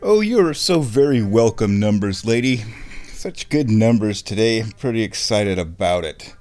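A man hosting a comedy show, talking in a drawn-out, deadpan, mock-dramatic ramble. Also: on the low side, faint music behind. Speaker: host.

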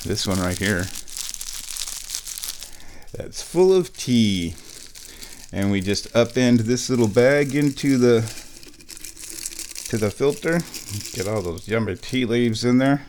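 Here a male vlog host makes tea in his kitchen at home, humming and talking to himself in a playful manner. The voice is medium-pitched, a little slow and slightly mellow, with a faint hiss or hum in the recording.

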